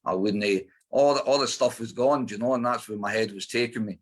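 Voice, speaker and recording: Brisk and mid-range, this voice belongs to a middle-aged man from Scotland with an Edinburgh accent. Interviewed as a guest, he recounts his life bluntly, swearing often and leaning on fillers.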